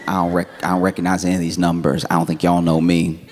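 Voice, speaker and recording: A man doing stand-up comedy, telling a story in a conversational, animated way with laughing asides. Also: low voice, fast talker, a faint crowd.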